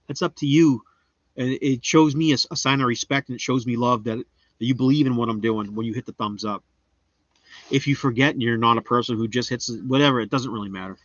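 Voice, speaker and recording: A man's voice: fairly quick, a bit bright, dry recording. Rambling, goofy male livestreamer, dry lo-fi sound. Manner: rambling, goofy, self-mocking, jumps into high silly voices. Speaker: homestead gardening livestreamer. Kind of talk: casual live-stream chat. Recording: dull, slightly lo-fi dry sound.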